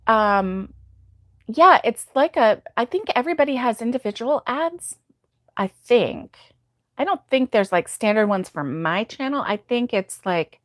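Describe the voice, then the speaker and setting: Sleepy lady on a live stream chatting w viewers, slow talker, dry close sound. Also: mid-range voice, no room sound. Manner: chatty, greets viewers by name, frequent ums and laughs. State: sleepy, yawning. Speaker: crochet channel host reading live chat. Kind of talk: casual live-stream chat.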